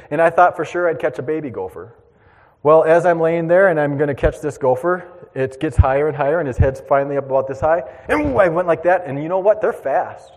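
A man preaching, telling a lively childhood story to his congregation and drawing a lesson from it. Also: on the high side, fairly quick, in a large hall. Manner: animated storyteller, acts out voices and shouts. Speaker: pastor. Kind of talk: storytelling sermon.

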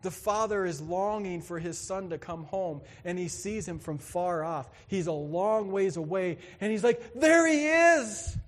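A male pastor preaching a sermon, swinging between loud exclamations and quiet emphasis and acting out quoted voices. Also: sits high, moderate pace, hardly any pauses, in a large hall.

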